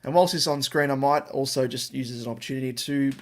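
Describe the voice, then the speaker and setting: A man's voice: medium pitch, steady tone, fast. A young man hosting a fantasy football live stream, talking in a casual, chatty way while working his computer.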